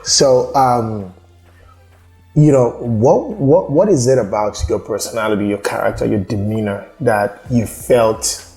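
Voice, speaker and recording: A man's voice: mid-range voice, a little slow, warm tone, soft background music, rough recording. A man hosting an interview, asking open, encouraging follow-up questions.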